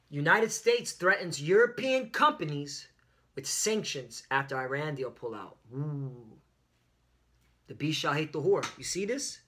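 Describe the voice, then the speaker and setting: A man's voice: on the high side, pushed and bright. A man preaching fiery, confrontational religious commentary on the news, peppering his talk with "all right?".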